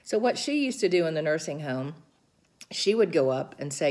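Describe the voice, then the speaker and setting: A woman's voice: sits low, expressive, moderate pace, darkish tone. A middle-aged woman casually recounting a caregiving seminar, explaining things earnestly and describing hand gestures as she goes. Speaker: caregiver sharing seminar notes. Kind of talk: informal talk recounting a seminar.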